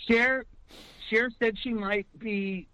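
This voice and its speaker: A man calls in to a radio show and rambles in a friendly way. His voice is high, and it comes through a dull, dry line with no room sound. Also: fairly even intonation, takes it slowly, bright, forceful tone, smooth, dry recording. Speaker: radio caller. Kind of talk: call-in radio chat.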